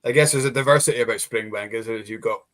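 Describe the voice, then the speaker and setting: A man's voice: mid-range voice, fast, a bit bright. A man hosting a casual chat over a video call, asking guests questions with a joking manner. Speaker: host.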